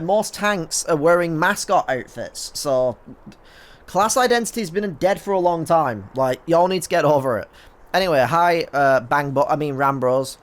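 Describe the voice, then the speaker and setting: A man casually joking and swearing while reading game dialogue aloud in a playthrough video. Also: on the high side. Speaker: gaming streamer. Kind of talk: let's-play commentary, reading dialogue aloud.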